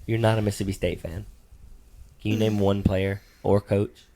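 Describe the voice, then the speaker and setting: A man's voice: on the low side, flat delivery, moderate pace, mellow. A middle-aged man co-hosting a casual sports-picks podcast, teasing and playfully bossy as a father.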